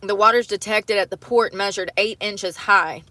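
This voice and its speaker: A young woman hosts a casual livestream, reading news stories aloud and stopping to react. Her voice is bright and forward, with exclamations and nervous laughs between the lines. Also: mid-range voice, normal speed, no echo. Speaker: livestream host.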